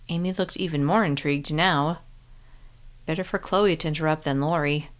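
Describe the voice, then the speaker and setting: A woman reading a novel aloud in first-person narration with a steady, clear delivery. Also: low voice, moderate pace. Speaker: audiobook narrator.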